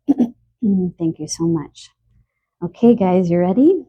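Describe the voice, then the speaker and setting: A woman giving a spoken tarot card reading, a little stuffy from allergies and clearing her throat, talking softly and earnestly with emotion. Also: on the low side, lively intonation, slow pace, pauses often, lo-fi sound. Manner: soft, earnest, emotional about animals.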